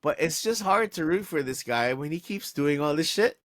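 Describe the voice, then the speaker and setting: A man's voice: a little high, moderate pace, slight background noise. Exasperated man ranting on a podcast. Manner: animated, exasperated ranting with many restarts. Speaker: podcast co-host. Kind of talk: casual sports podcast chat.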